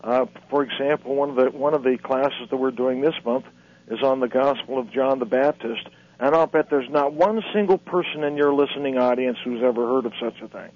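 A man speaking as an author and lecturer guest on a radio interview, halting and repeating words as he tells his story. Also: mid-range voice. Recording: dull lo-fi radio audio.

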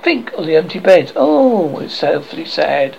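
A man's voice: a little high, big pitch swings, normal speed, creaky, a little mellow, highs cut off, slight background noise, full character voice. A man voicing a curious, cheerful young twin boy full of questions.

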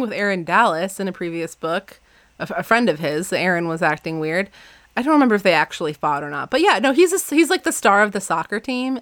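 A woman's voice: medium pitch, a bit bright, no room sound. Chatty woman recapping a book, dry close mic. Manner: chatty, laughs often, retells scenes with voices. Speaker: podcast host recapping books. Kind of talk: casual podcast chat.

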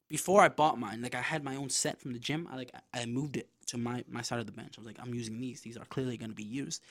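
A man hosting his own podcast, casually telling a story in a loose, profane, animated way with lots of asides. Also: medium pitch, fast talker, few pauses. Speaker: podcast host.

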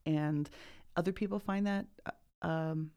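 A woman's voice: deep voice, steady tone, a little slow, warm tone. A woman co-hosting a podcast, explaining facts in a chatty, casual way. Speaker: podcast co-host. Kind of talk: casual chat.

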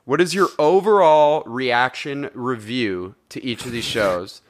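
A man's voice: mid-range voice, a little slow, slight background noise. A man hosting a podcast in casual comedic chat, rambling and joking, swearing freely. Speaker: podcast host.

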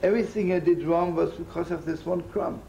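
A man's voice: sits high, steady tone, fairly quick, creaky, dark tone, highs cut off. A man teaching as a rabbi in a folksy, jokey storytelling sermon, sprinkling in Yiddish and Hebrew words. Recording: noisy old recording.

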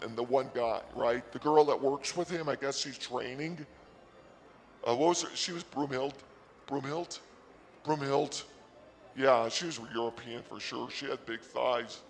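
A man's voice: medium pitch, gravelly. Man, radio comedy monologue, rambling absurd story, long reverb. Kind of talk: comic storytelling bit.

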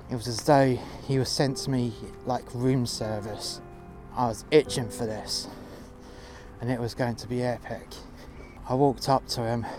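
A man from West London with a London accent, narrating his own revenge story outdoors in a profane, menacing way, over music. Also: medium pitch. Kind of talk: first-person storytelling monologue. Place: outdoors in freezing cold.

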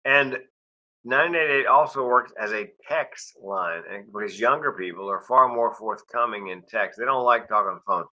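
A middle-aged guest speaker tells wry personal stories in a storytelling interview, acting out the dialogue. His medium-pitched voice is bright and forceful at a normal speed, though the recording is low quality.

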